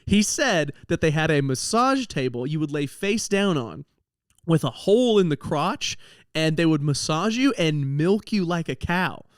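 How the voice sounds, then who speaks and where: A man's voice: on the high side, animated, unhurried, no room sound, studio quality. A young man hosting a podcast, telling a comedic story about his travels in a self-deprecating way, laughing at his own jokes. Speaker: podcast host.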